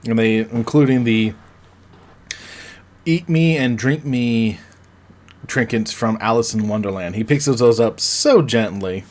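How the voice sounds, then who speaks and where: A man's voice: medium pitch, a little slow, pauses often, darkish tone. A man hosting a podcast, casually recapping a movie in a rambling way, with fillers and self-corrections. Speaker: podcast host.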